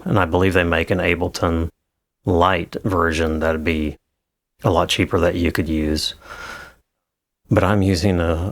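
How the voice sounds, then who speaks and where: Low-voiced man teaching audio editing. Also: dry recording. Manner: relaxed, hesitant with fillers and restarts. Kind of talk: screen-recorded tutorial.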